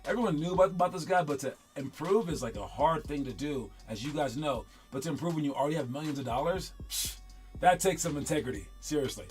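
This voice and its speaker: A man's voice: a little high, expressive, fast, soft background music. A man coaching young basketball players in casual, rambling talk that often repeats itself. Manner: rambling, upbeat, repeats himself.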